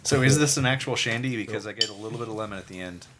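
A man co-hosting a casual podcast, making wry, deadpan jokes. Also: lowish voice, racing, noisy background. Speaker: podcast co-host. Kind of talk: casual chat.

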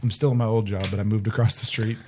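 A man in his thirties with a mellow, darkish voice, telling stories in a casual beer chat. He's animated, laughing and acting out the people in his anecdotes. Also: on the low side, fast, slight background noise. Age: 30s.

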